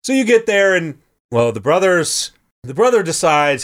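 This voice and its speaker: A man's voice: a little high, lively intonation, moderate pace. A man chatting casually as a podcast host, animatedly retelling a video game story and slipping into character voices.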